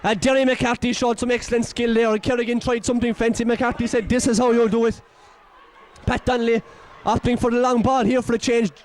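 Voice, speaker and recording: Very high-pitched excitable Irish commentator. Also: male voice, fast talker, few pauses. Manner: excitable, partisan, exclaims and scolds players. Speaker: match commentator. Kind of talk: partisan local sports commentary.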